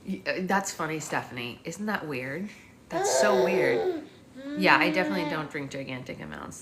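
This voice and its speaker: Chatty young mother, slightly low voice. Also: sharp tone, a little hiss or hum. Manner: rambling and chatty, with sing-song baby talk to her daughter. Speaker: live-stream host and mother. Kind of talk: casual live-stream chat.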